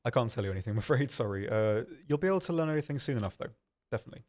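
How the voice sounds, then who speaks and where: Racing along in an animated, slightly mellow mid-range voice, a young stream host reads questions from his viewers aloud and answers them casually. He says um a lot and regularly makes self-deprecating comments.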